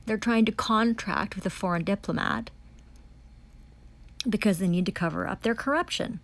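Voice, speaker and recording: A woman's voice: mid-range voice, normal speed, gravelly. A woman giving an angry testimony, ranting in furious, profane accusations, repeating herself and restarting phrases. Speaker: self-described foreign diplomat giving testimony.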